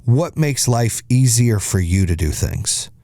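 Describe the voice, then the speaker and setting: A man's voice: medium pitch, lively intonation, unhurried, dark tone, dry recording, studio quality. Blunt, profane male podcast host. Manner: blunt, profane, punchy advice. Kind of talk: motivational monologue.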